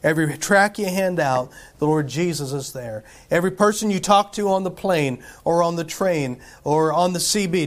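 A male pastor preaching in a church, his voice sitting a little higher than most men's. He keeps it conversational, firing rhetorical questions and asides at the congregation and stumbling through restarts and filler words as he goes. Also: moderate pace, few pauses. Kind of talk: sermon.

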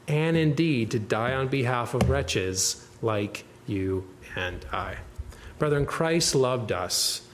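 A man delivers a sermon from the pulpit, his voice sitting a little higher than most men's. He speaks earnestly and presses his listeners, often ending a point with a rhetorical question. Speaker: preacher. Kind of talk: expository sermon.

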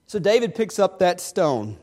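High-voiced male preacher telling a story. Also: very animated, unhurried, a little mellow. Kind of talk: sermon.

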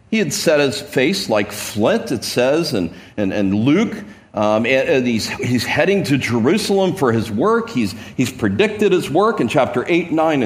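A pastor with a slightly higher-pitched male voice preaches a sermon, energetically retelling and acting out Gospel scenes. His animated delivery is full of stammered word restarts, and he swings from a hushed low back up to exclamations.

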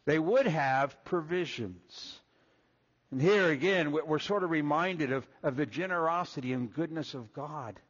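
A man preaching a sermon, folksy and animated, acting out little quoted voices as he walks through Scripture. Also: a little high, a little slow, lo-fi sound. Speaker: pastor.

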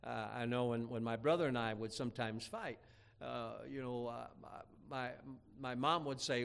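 A man's voice: mid-range voice, fairly even intonation, moderate pace, creaky, fairly bright tone, smooth. A man preaching a sermon in a folksy storytelling way, with many restarts and asides to the congregation. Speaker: pastor.

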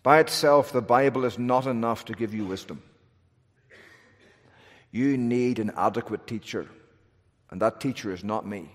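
A man's voice: mid-range voice, moderate pace, pauses often. A man preaching a sermon in an earnest, emphatic way, with restarts and asides. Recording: long hall reverb.

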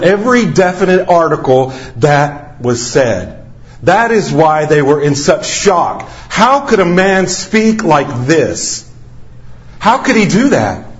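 A man's voice: a little high, dull audio. A man preaching a sermon as a missionary, stressing key phrases by repeating them over and over.

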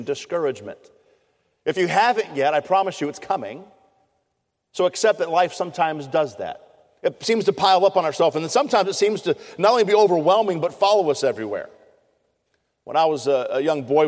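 A man's voice: mid-range voice, darkish tone. A middle-aged man preaching a sermon, telling stories in an earnest, conversational way with frequent restarts. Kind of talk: sermon with personal storytelling. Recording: long hall reverb.

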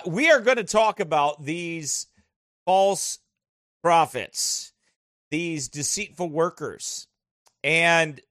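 A man preaching a sermon, rambling and excitable. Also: a little high, dry recording, studio quality.

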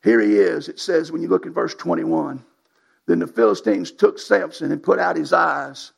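A man's voice: fairly high pitch, moderate pace, creaky, breathy edge. A man preaching a sermon, in a folksy, emphatic style with colloquial grammar.

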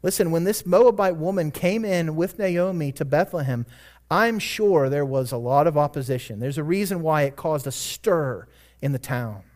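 Earnest preaching man, fairly high voice. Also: moderate pace, a little mellow. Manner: earnest preaching with rising emphatic peaks; conversational asides and self-corrections. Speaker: pastor. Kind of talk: sermon.

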